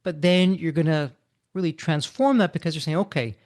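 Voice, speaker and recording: Brief: male podcast host, slightly high voice, dry close sound, summarizes guest's ideas. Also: brisk, darkish tone, no echo. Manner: recaps the guest's points in his own words. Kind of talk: conversational interview.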